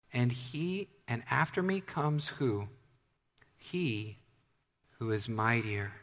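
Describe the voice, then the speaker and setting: A man's voice: mid-range voice, a bit bright. A man preaching a sermon in a conversational way that builds to emphatic declarations. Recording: long hall reverb.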